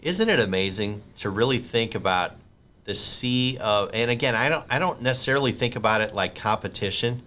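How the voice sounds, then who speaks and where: A man hosting a podcast interview over a remote call, chatty and rambling, with animated asides. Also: mid-range voice, a little fast. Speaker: podcast host. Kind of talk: interview chat.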